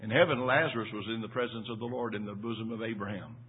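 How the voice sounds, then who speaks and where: A man's voice: lowish voice, fast talker, slightly rough. An older man preaching a sermon in a folksy storytelling way, repeating his words as he goes. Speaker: pastor. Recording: tinny phone-like sound.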